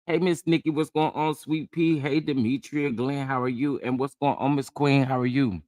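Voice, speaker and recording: A man's voice: medium pitch, fairly even intonation, moderate pace, darkish tone, dry recording. Male livestream host, slightly sick, chatty and drawling, dry close-mic sound. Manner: chatty, greets viewers by name, drawling asides. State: under the weather. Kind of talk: casual live chat.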